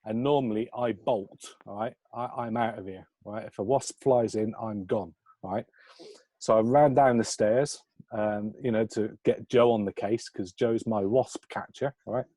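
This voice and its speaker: A man's voice: lowish voice, fairly even intonation, measured pace, mellow, dry recording. Chatty man, dry close sound. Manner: chatty, keeps asking "right?". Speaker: host. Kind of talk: casual pub-style chat.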